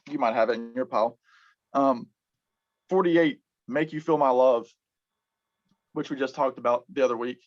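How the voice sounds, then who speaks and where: A man hosting a casual music chat, talking in halting bursts full of ums and restarts. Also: mid-range voice. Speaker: podcast host. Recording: dull lo-fi sound.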